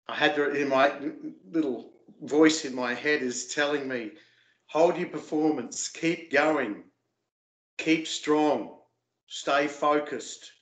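A man guest in a casual interview, hesitant and repeating words, getting animated as he recalls. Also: medium pitch, roomy sound, rough recording. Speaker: interview guest, former singing show contestant.

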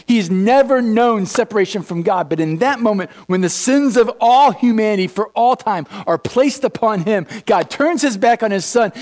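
Pastor, male, high tenor voice, casual sermon with lots of restarts. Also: darkish tone. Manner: conversational, folksy, many repeated restarts; acts out biblical figures in quoted voices.

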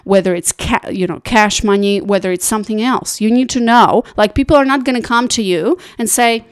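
A woman's voice: medium pitch, fairly quick, clear, resonant tone, no room sound, studio quality. A woman life coach talking straight to camera, giving earnest, conversational advice with lots of "like" and "you know".

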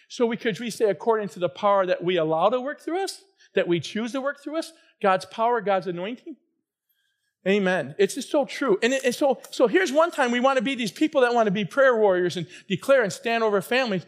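High-voiced man preaching fervently. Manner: fervent preaching, swings from quiet to shouting. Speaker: pastor. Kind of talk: sermon.

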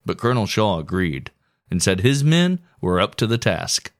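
A man's voice: fairly low pitch, big pitch swings, moderate pace. A man hosting a casual history podcast, telling the story with crude, profane jokes.

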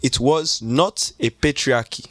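Jovial Nigerian uncle, as a podcast host puts him on, chatty and teasing, dry close sound. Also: male voice, mid-range voice, unhurried, fairly bright tone, dry recording. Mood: hearty. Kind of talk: casual podcast chat.

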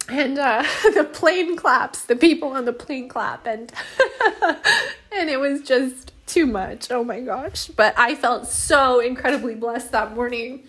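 A woman's voice: on the high side, fairly bright tone. A woman telling a heartfelt personal story as a mother, emotional and laughing often, with many restarts.

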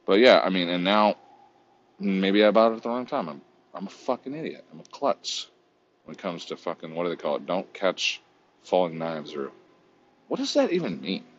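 A man's voice: low-pitched, very animated, normal speed, lo-fi sound, a little hiss or hum. A man vlogging in a casual, rambling, profane way while browsing online, often mocking himself.

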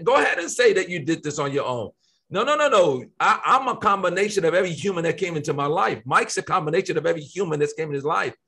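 High, bright-voiced preaching man. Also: breathy edge. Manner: emphatic, preacherly, quick to stress points. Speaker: co-host of a faith discussion. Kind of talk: conversational Bible teaching.

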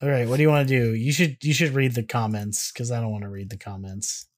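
A man's voice: mid-range voice, fairly even intonation, quick pace. A man co-hosting a podcast in casual chat, rambling with restarts and laughing easily. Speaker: podcast co-host.

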